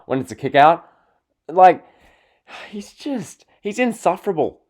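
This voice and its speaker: A man's voice: a little high, sing-song, unhurried, long pauses, darkish tone. A man hosting a wrestling vlog, ranting in an exasperated tone and sighing in frustration. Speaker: wrestling vlogger. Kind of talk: ranting opinion video.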